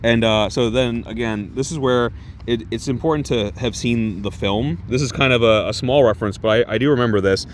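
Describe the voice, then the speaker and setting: A man's voice: mid-range voice, a little fast, a little hiss or hum. A man casually reviewing a comic book, rambling with many restarts and some swearing. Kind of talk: casual review while reading aloud.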